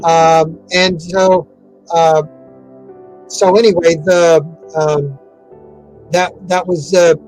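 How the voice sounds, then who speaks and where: A man's voice: high-pitched, low-quality recording. A man giving an interview in a casual, rambling way, with many fillers and restarts. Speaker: interview guest.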